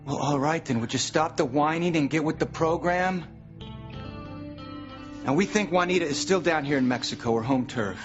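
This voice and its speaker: Soap drama: actor as a blunt, dismissive federal agent, dull TV audio, faint music underneath. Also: male voice, on the high side, normal speed, lightly acted. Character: gruff male federal drug agent, blunt and impatient. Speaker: soap opera character.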